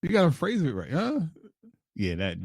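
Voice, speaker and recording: A man's voice: fairly high pitch, huge pitch swings, moderate pace, a little mellow, husky, no room sound, clean studio sound. A man co-hosting a podcast, answering in a laid-back way, laughing along and swearing casually. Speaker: podcast co-host. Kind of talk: casual chat.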